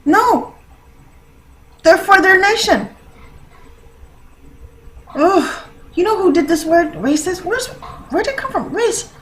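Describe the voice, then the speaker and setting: Woman vlogger, high voice, rambling and chatty, laughs a lot. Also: expressive, slow pace, long pauses, a bit bright, rough recording. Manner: laughs often, rambling with many fillers. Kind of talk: casual rambling monologue.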